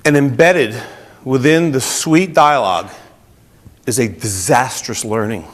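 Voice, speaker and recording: A man's voice: mid-range voice, measured pace. A man with a New Jersey accent giving a motivational talk to a group, often asking the audience questions. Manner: energetic, asks the audience questions. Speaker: speaker.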